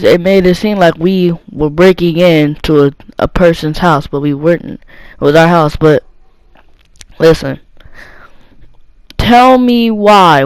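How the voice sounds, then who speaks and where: A man's voice: high-pitched, clean tone, dry recording, low-quality recording. A young teenage boy telling a rambling personal story, with lots of fillers and restarts. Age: young teen. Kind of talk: casual storytime monologue.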